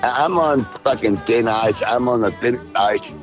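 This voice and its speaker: A middle-aged man hosting a podcast, griping and rambling in profane, gruff comedic banter. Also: mid-range voice, normal speed, faint music behind. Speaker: podcast host.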